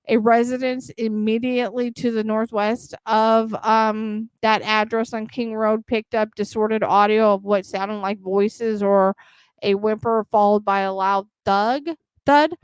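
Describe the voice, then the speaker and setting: A woman hosting a true crime podcast, reading court documents aloud at a steady pace, stumbling on names and breaking off for quick casual asides. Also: on the high side, clear, resonant tone, dry recording.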